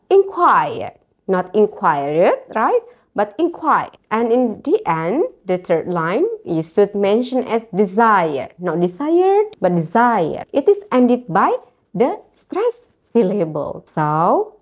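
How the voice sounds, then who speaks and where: Lively lecturing woman, lo-fi sound. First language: Indonesian. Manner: lively, rising pitch on questions, frequent "right?" checks. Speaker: university lecturer. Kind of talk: recorded online lecture. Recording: dull, lo-fi recording.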